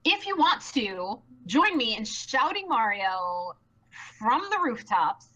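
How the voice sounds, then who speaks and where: A woman chatting excitedly on a live stream, bubbly and rambling, with many fillers and restarts. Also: a little high, takes it slowly, poor audio. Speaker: live stream co-producer and host.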